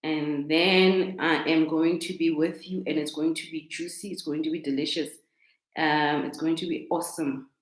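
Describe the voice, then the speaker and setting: Speaking at normal speed in a low-pitched, steady tone, this South African woman coaches on a casual live stream. Her laptop mic picks up an echoey room as she chats, says things more than once, and warmly welcomes viewers.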